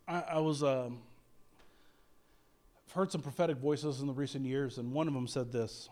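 A man preaching a sermon, animated and humorous, acting out quoted prayers and joking with the congregation. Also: medium pitch, moderate pace, pauses often. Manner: animated, acts out quoted prayers, self-deprecating humor, frequent laughs. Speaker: pastor.

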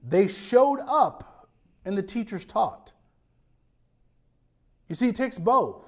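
A pastor giving an animated sermon to his congregation, with frequent restarts and quick asides. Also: high-pitched.

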